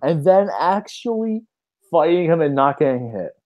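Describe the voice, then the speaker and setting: A man's voice: a little high, big pitch swings, normal speed, dull audio. A man in casual gaming chat, easygoing and agreeable. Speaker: co-host.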